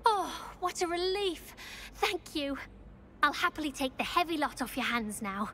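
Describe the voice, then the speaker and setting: A woman's voice: sits high, sing-song, moderate pace, a bit bright, slight background noise. An actress voicing a prim, studious young female student witch in video game dialogue, polite and precise. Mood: relieved. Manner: polite, precise, slightly fussy.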